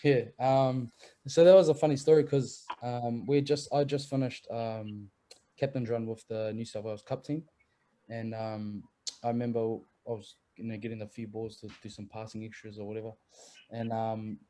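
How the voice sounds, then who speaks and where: A man's voice: medium pitch, little pitch movement, normal speed, mellow. A young man, a rugby league player telling stories in a casual chat, laid-back and swearing freely.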